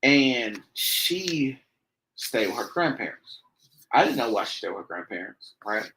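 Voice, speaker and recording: A young man telling a personal story on a podcast in loose, casual speech. He is animated and slips into raised voices to act out the people he quotes. His voice sits at an ordinary middle pitch. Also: a little hiss or hum, poor audio. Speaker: podcast host.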